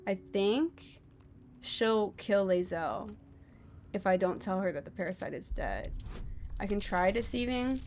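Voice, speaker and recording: A woman streaming a game with casual commentary, who is expressive, swears freely and thinks aloud. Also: medium pitch, unhurried, a little hiss or hum. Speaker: gaming streamer.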